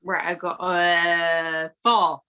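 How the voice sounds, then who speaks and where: Slow, bright-voiced tipsy woman. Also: lowish voice, level tone, slight background noise, poor audio. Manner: giggly, loud laughs. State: drunk. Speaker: player. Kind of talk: casual tabletop game play.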